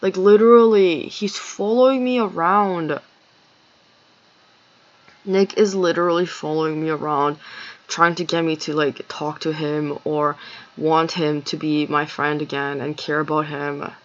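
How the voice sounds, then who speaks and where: A woman's voice: sits low, little pitch movement, normal speed, highs cut off. A woman telling a long, rambling story in a casual monologue, swearing often and sounding agitated.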